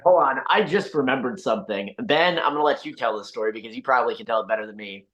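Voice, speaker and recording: A man's voice: mid-range voice, quick pace, a bit bright, dull audio. A man, a guest wrestler, telling a story in casual chat, laughing as he goes.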